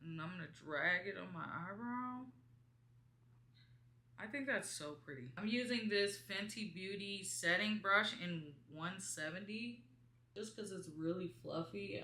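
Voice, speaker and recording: Bright, chatty young woman in a roomy room. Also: on the low side. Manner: chatty, rambling, lively asides to viewers. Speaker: beauty vlogger. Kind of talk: casual storytime chat while doing makeup. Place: small room at home by a window with blinds. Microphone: camera in front of her.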